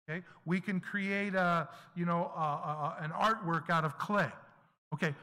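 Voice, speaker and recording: Lively high-voiced man preaching in a hall. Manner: lively, conversational, asks the congregation questions. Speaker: pastor. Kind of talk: sermon teaching. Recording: echoey hall with long reverb.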